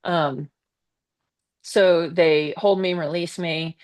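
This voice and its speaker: A woman, a guest on a live stream, telling a personal story in a casual, animated way with blunt swearing. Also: fairly low pitch, very slow.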